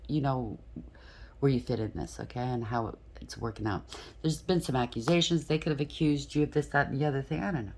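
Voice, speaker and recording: A woman's voice: very deep voice, brisk, darkish tone. A woman doing a collective tarot reading, talking bluntly and frankly, often checking in with "okay?". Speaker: tarot reader.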